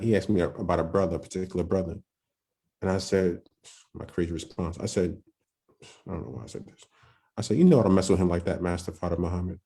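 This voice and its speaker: Man, very low voice, mellow tone, casual halting storytelling. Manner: loose, halting, with many restarts and street slang. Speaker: podcast guest.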